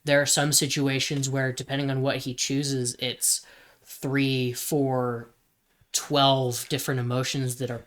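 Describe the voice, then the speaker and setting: Slow, hesitant young podcast man. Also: mid-range voice, little pitch movement, a bit bright. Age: 20s. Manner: slow, hesitant, thinking aloud. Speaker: podcast co-host. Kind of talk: casual brainstorming chat.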